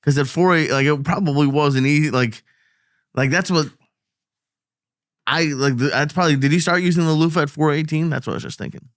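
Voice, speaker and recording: Giggly co-host man, halting talk. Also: fairly high pitch, no echo, studio quality. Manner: laughing, hesitant with many fillers. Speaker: podcast co-host. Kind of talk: casual chat.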